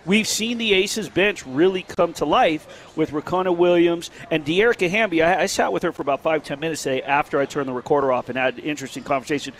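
A man co-hosting a casual sports talk show, telling stories in an animated way with quick restarts. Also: on the high side. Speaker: sports radio co-host.

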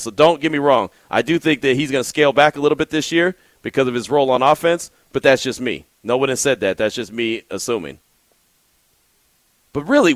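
A man's voice: medium pitch, fairly bright tone, no echo. A man hosting a call-in sports radio show, chatty, often laughing and restarting his sentences.

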